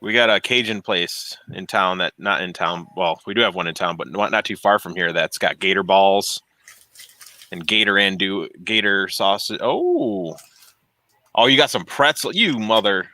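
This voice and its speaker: Bright-voiced man chatting on a dry mic. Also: low-pitched, moderate pace, no echo. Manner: rambling, laughs often, trails off searching for words. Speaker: streamer fixing printers. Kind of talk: casual chat. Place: home workshop.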